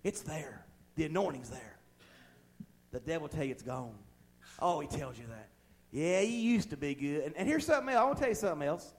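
A man with a notably high voice preaches to his congregation in a folksy, plain-spoken way. His delivery rises from hushed, intimate lines to loud, fervent pushes. He drops humorous asides along the way. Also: sing-song, fairly quick. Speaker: pastor. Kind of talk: sermon. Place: church.

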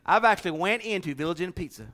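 Folksy pastor with a higher voice. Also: male voice, quick pace, sharp tone. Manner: folksy, joking, chatty. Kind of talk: sermon with church announcements.

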